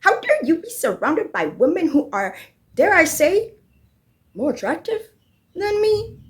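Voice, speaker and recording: A woman's voice: very high-pitched, very animated, measured pace, pitched above the performer's own voice, exaggerated voice. A woman voicing a melodramatic young woman who shrieks that she is the victim, in a mocking impression. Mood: melodramatic outrage. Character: shrill self-pitying young woman playing victim.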